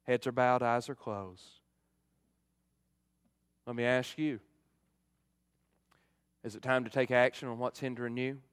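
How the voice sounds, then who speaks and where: A middle-aged male pastor giving a fervent sermon, swinging from loud emphasis to hushed appeals. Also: mid-range voice, steady tone, measured pace, pauses often, clear, resonant tone, no echo, clean studio sound.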